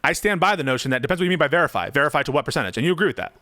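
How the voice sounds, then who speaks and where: Fast-talking man debating, crisp dry voice. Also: fairly high pitch, expressive, bright, forceful tone, a little hiss or hum. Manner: interrupts, repeats "wait, wait" and stammers. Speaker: political debater. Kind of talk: heated debate.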